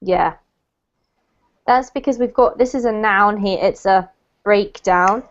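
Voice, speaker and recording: A woman's voice: medium pitch, measured pace, dull audio. A woman teaching an online English class, explaining words patiently and correcting pronunciation.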